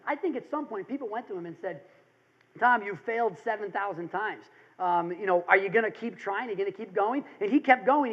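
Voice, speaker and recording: A man with a strikingly high voice gives a motivational seminar, telling stories and briefly acting out what people said. The recording is muffled and lo-fi. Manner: animated storytelling, acts out quotes. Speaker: seminar speaker.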